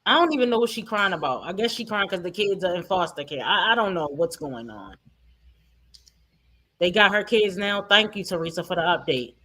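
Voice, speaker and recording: A woman's voice: fairly low pitch, animated, a little fast, sharp tone. A woman streamer giving sarcastic, mocking reaction commentary and talking straight to her viewers. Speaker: streamer host.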